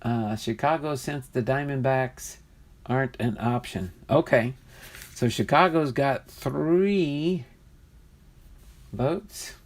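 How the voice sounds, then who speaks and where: This man speaks slowly in a mid-range voice while casually hosting a livestream where he opens trading card packs. He's talkative and quick to laugh as he reads viewer comments aloud.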